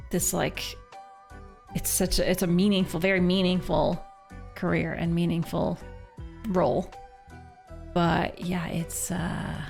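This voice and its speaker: Chatty Canadian woman streamer, gravelly voice. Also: fairly low pitch. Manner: rambling, chatty, many fillers and restarts. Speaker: livestreamer and parent. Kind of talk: casual chat with stream chat. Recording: faint music behind voice.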